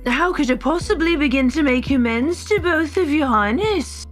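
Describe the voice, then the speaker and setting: A woman's voice: high-pitched, animated, moderate pace, faint music behind, voice pushed up. A woman doing a haughty old duke in a mock accent. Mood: stiff formal. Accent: put-on mock British, drifting Scottish-Irish. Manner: haughty, stiffly formal and scolding. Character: stern old male duke, scolding father. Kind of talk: live manga reading with voices.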